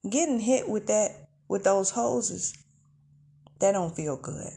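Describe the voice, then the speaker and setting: A woman hosting a podcast, talking in a casual, expressive monologue with laughs and sighs. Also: medium pitch, takes it slowly, creaky. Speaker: podcast host.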